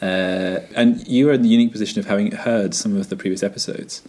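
Playful male podcast co-host, breathy voice. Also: lowish voice, steady tone, fast talker, darkish tone. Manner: playful, laughs often. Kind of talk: casual chat.

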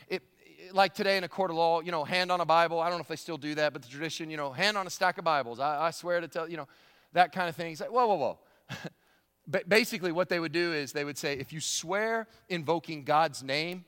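A man's voice: high-pitched, fairly bright tone, in a large hall. A male pastor preaching a sermon in a conversational way, often repeating words and chuckling.

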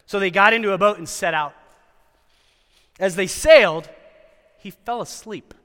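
Speaking at a Christian school's chapel, a man with a fairly high, bright voice blends scripture reading with wry, animated commentary and acts out quoted lines with flair. He talks at normal speed, pausing often, and the long reverb of a large hall rings around his voice.

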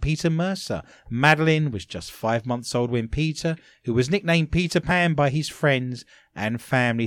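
Animated man hosting comedy banter. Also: mid-range voice, no room sound. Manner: jokey, animated storyteller. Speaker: host.

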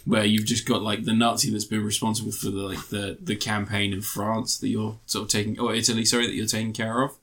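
A man's voice: fairly low pitch, flat delivery, quick pace, few pauses, a bit bright. A young man co-hosting a podcast, chatting about video games, swearing freely and laughing often. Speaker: podcast co-host. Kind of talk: casual chat.

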